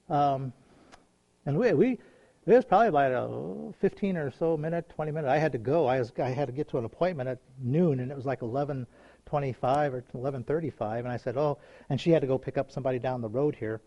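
A man's voice: on the high side, brisk, dark tone. A man, a pastor, telling stories in a folksy, chatty, informal sermon with frequent chuckles, on a dull lo-fi recording.

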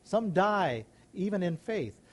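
A man's voice: sits high, big pitch swings, slow. A middle-aged male pastor preaching a sermon, rising into emphatic calls and questions to the congregation.

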